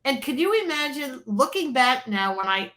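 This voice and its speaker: An older woman recalling her years in album design, telling anecdotes in a lively, animated way and laughing often. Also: high-pitched, normal speed. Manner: animated, laughs often, acts out quoted voices. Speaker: interview guest, former record label creative director. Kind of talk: casual storytelling.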